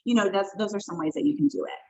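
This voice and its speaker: A woman's voice: medium pitch, steady tone, racing. A woman runs a training session over a video call, speaking conversationally and putting weight on key points. Her voice sits in an average range, and the sound is dull and lo-fi, typical of call audio. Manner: conversational and emphatic, with self-corrections. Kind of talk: workshop presentation on a video call.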